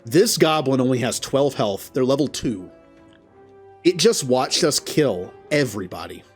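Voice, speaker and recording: Male host for a game playthrough: casual, self-deprecating, talks his choices through out loud. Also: mid-range voice, lively intonation, a little slow, faint music behind. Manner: thinking aloud, chuckling, self-deprecating. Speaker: gaming channel host. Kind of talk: let's play commentary.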